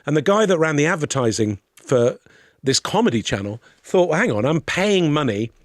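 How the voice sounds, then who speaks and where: Sweary man telling animated anecdotes. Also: fairly high pitch, moderate pace, no echo, clean studio sound. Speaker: podcast guest, comedian. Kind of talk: casual storytelling chat.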